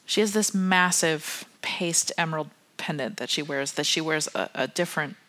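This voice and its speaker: A woman's voice: low voice, normal speed, sharp tone. A woman co-hosting a podcast in casual chat, talking in close detail and laughing often. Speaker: podcast co-host.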